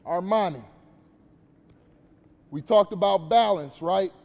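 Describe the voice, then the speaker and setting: A man's voice: sits high, slow, vocal fry, in a large hall, dull audio. A man giving a casual, slangy motivational talk to young players at a basketball camp, questioning the kids as he goes.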